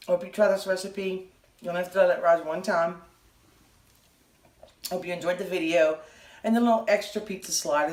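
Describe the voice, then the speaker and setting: A woman, hosting a casual home cooking vlog and chatting through each step in her kitchen. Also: lowish voice. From Southern United States.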